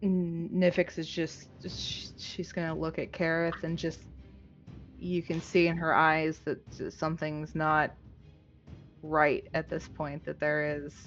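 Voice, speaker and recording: A woman playing a tabletop game, speaking in hesitant, halting phrases. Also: deep voice, completely flat delivery, muffled recording, soft background music. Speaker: player.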